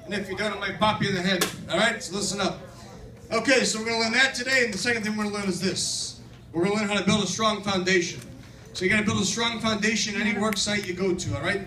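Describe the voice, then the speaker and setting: A man playing a brash male construction foreman who teaches kids in a children's church skit, with a loud, bossy, tough-guy patter. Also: high-pitched, quick pace, noisy background, natural voice. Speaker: kids' camp skit performer. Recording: echoey hall, far from mic, audience.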